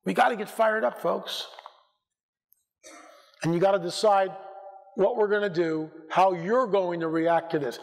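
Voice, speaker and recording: A man giving an urgent, exhorting conference talk in a church, building at times to shouted rebukes. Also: high-pitched, normal speed, long pauses. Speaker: conference speaker. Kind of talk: fiery conference lecture. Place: church auditorium. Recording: reverberant church hall.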